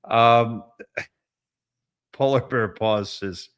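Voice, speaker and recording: A man's voice: medium pitch, extremely slow, a bit bright, clear, resonant tone. A man hosting his own show in casual political commentary, rambling, blunt and profane, breaking into chuckles often. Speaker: host.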